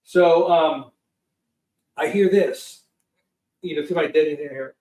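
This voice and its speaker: A man guest telling a story in a casual, animated way, acting out quotes and swearing freely. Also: a little high, slow pace. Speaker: guest, film producer. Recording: roomy sound from a distant mic.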